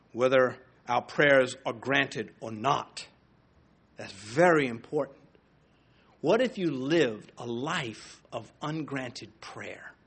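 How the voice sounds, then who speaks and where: A man preaching a sermon in an earnest way, building to emphatic repeated phrases and sometimes pausing to restart a thought. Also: medium pitch, a bit bright, slightly rough. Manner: earnest, rises to emphatic repetitions.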